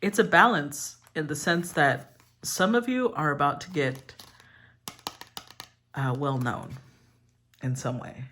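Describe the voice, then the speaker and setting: A woman's voice: sits low, takes it slowly, long pauses, a bit bright, breathy edge. Candid, rambling woman tarot reader. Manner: rambling and candid, swears freely, many restarts. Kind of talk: casual collective tarot reading.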